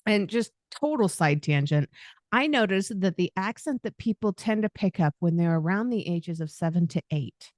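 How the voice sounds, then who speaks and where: Chatty woman podcast host, lively pitch. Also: moderate pace, no echo, clean studio sound. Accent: faint Southern American. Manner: warm and chatty, laughs easily. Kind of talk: casual interview.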